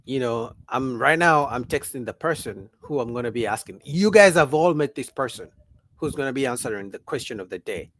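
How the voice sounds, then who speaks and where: A man's voice: mid-range voice, a little fast, dry recording. A man hosting a casual livestream talk, arguing with rhetorical questions and reading out viewer comments. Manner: animated, argumentative, rhetorical questions; reads out viewer chat comments. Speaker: livestream host.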